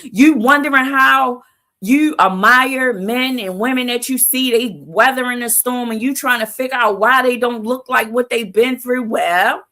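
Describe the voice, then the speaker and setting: A woman's voice: a little high, measured pace, pushed and bright. A woman hosting a livestream who gives a motivational talk in casual vernacular, asking "Why?" before each answer. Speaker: livestream host.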